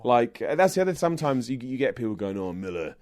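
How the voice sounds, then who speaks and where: A man's voice: medium pitch, expressive, fast, darkish tone. A man with a southern English accent, a guest in a casual interview, joking at his own expense and laughing often. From England. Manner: self-deprecating, jokey, laughs often. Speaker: guest, wrestling presenter. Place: indoors in person.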